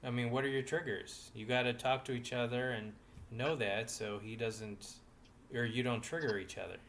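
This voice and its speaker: A man co-hosting a relationship podcast, giving frank, gruff advice in casual chat. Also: medium pitch, fairly even intonation, normal speed, fairly bright tone. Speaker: podcast co-host. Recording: noisy podcast recording.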